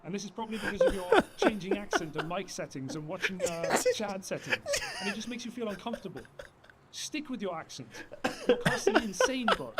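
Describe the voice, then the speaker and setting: A man's voice: high-pitched, huge pitch swings, a little fast, very noisy. A man acting an irritated teammate in a parody sketch, swearing and complaining. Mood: annoyed. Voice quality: exasperated, profane.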